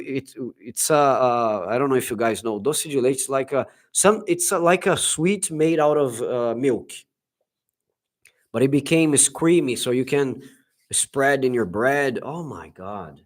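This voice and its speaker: A middle-aged man from Brazil with a Brazilian Portuguese accent, chatting casually and enthusiastically on a livestream, often restarting his sentences. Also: medium pitch. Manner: enthusiastic, gushing, frequent restarts. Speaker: livestream host.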